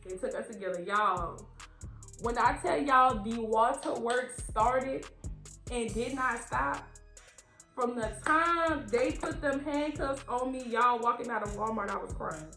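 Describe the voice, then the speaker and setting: Young woman, high voice, animated storytime vlog, roomy echo. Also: unhurried, faint music behind. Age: young adult. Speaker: vlogger. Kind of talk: casual storytelling. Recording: roomy echo, faint background beats.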